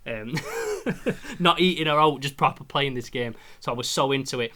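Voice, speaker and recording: A man, co-hosting a podcast and talking through a video game in an excitable, sweary way. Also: medium pitch, moderate pace. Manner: excitable, sweary, retells scenes with quoted lines. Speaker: podcast co-host. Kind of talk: casual game review chat.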